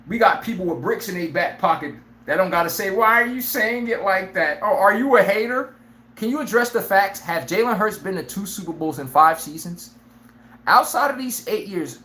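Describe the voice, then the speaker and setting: Brash, laughing live sports-stream host. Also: male voice, high-pitched, moderate pace, reverberant, slight background noise. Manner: brash, animated, laughs often, acts out players' lines. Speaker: sports talk show host.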